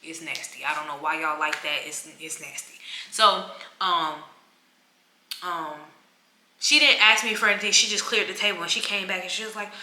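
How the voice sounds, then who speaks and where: A young woman tells an animated, casual vlog story and acts out the people she quotes. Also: fairly low pitch, moderate pace, reverberant. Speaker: travel vlogger.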